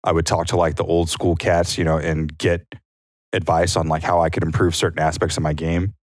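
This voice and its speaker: Deep male podcast co-host, easygoing storyteller, dry close mic. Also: little pitch movement, fairly quick, dry recording. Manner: storytelling, acts out quotes in a higher voice. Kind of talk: casual chat.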